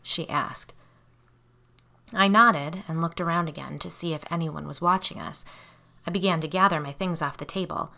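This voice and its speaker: A woman's voice: deep voice, moderate pace, vocal fry, pushed and bright. A woman reading a first-person story aloud in a conversational way, with asides to her listeners.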